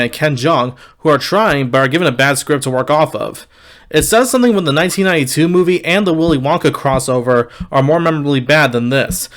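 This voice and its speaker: Young male film reviewer with a slightly raised pitch and a candid, wry delivery. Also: a bit bright. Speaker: movie reviewer. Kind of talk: casual video review.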